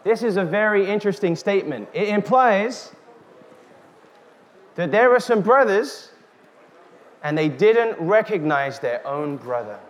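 A man preaching a sermon, slow and emphatic, calling out questions to the congregation. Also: sits high, lively intonation. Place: church hall. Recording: reverberant hall with faint noise.

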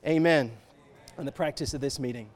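A man giving an animated sermon, swinging from soft to shouting and acting out quoted voices. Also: mid-range voice, brisk. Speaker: church speaker.

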